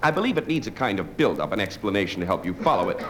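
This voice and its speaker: A man's voice: low voice, big pitch swings, racing, fairly bright tone. A man doing a live stand-up routine, dry and digressive, bantering with the audience. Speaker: stand-up comedian. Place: live club before an audience. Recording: noisy live recording.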